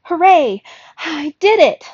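A woman voicing a clever, proud young female mouse adventurer in a storybook read-aloud, excited and smug. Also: medium pitch, unhurried, dry recording. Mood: triumphant. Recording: slightly dull lo-fi recording.

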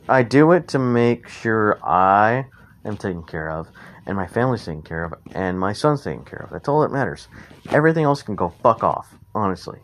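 A man's voice: lowish voice, very animated, moderate pace. A man ranting bluntly and heatedly into the camera, swearing freely. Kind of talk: unscripted angry rant. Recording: noisy recording with clicks.

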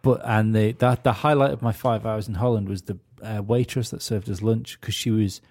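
A man's voice: on the low side, steady tone, normal speed, darkish tone. A man co-hosting a comedy podcast, telling stories in a laid-back, sweary way. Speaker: podcast co-host. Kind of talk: casual comedy chat.

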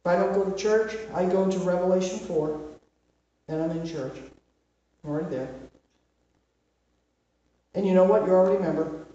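A woman gives an informal Bible teaching with plenty of rhetorical questions. She leans hard on her key points and slows down to drive them home. Her voice carries across a very echoey room, picked up from a distance. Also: fairly low pitch, warm tone, muffled recording.

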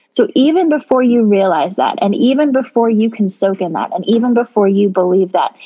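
A woman's voice: medium pitch, muffled recording. A woman on a Christian talk show, speaking with heartfelt emphasis and building repeated phrases. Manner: emotional, repetitive, emphatic. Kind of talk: heartfelt faith discussion.

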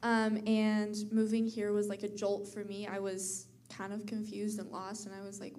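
A woman's voice: medium pitch, flat delivery, mellow, a little hiss or hum. Bubbly teenage girl telling a story. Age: teens. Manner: bubbly, many likes and quick laughs. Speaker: pastor's daughter. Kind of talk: personal storytelling on stage.

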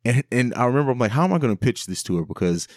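A man's voice: mid-range voice, expressive, rapid-fire, darkish tone, no room sound, studio quality. A man hosting a podcast, recounting how the show began in an earnest, casual way. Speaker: podcast host.

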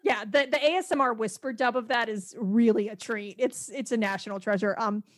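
A woman chatting casually as a podcast guest, animated and quick to laugh, with lots of fillers and restarts. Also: fairly high pitch, no room sound, studio quality.

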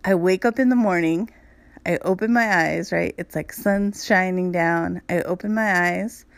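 A woman's voice: fairly low pitch, normal speed, creaky, no echo. Chatty candid woman podcaster, dry sound. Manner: candid, chatty, addresses listeners as "you guys"; frequent "like" fillers. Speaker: podcast host. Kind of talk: casual storytelling monologue.

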